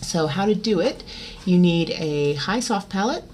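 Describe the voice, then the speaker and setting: A woman with a fairly low speaking voice leads a singing lesson in a relaxed, chatty way. She stops now and then for loud twangy sung demonstrations. A faint hiss sits under the recording. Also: unhurried. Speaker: voice teacher. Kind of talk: vocal lesson.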